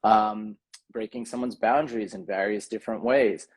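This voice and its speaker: Guy with a kinda husky voice, earnest podcast guest, lots of ums. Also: lowish voice, fairly even intonation, normal speed. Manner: earnest, thoughtful, frequent ums and restarts. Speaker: podcast guest, tantra coach. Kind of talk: casual conversation.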